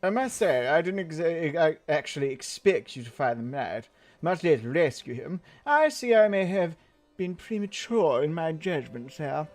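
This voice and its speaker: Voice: medium pitch, big pitch swings, moderate pace, a little mellow, faint music behind. A gamer putting on a pompous British nobleman. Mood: haughty. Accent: put-on British. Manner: haughty, formal.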